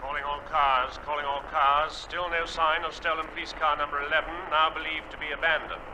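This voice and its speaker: An actor playing a police radio announcer in a 1950s radio comedy, with a clipped, formal bulletin delivery. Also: male voice, a little high, little pitch movement, a little fast, lightly acted. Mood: officious. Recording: old radio broadcast with faint hiss.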